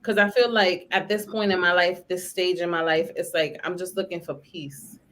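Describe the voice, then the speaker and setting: A woman's voice: on the low side, moderate pace, slight background noise. Chatty woman podcast host. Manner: animated, acts out quotes loudly. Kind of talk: casual chat.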